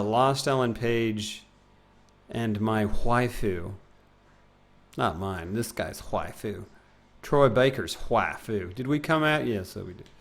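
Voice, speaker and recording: Gravelly young male game streamer. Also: on the low side. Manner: rambling and self-mocking, trailing off into mumbles. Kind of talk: casual live-stream chat.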